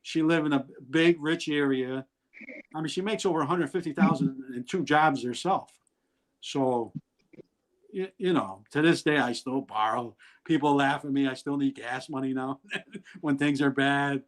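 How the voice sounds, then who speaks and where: Poor audio carries a medium-pitched male voice at normal speed. The speaker, a middle-aged video-call interview guest, laughs his way through rambling, blunt, candid stories.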